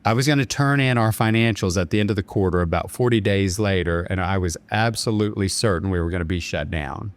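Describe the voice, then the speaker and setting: A man with a lower voice, a bank chairman guesting on a podcast, tells a dramatic story during the interview. He speaks fast with few pauses, earnestly retelling events and quoting dialogue.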